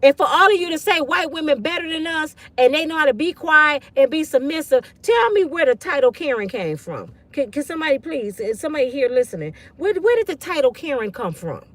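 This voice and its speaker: A woman's voice: sits high, very animated, a little fast, hardly any pauses, fairly bright tone, no echo. A woman ranting bluntly and profanely in a casual livestream on her phone. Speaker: online commentator.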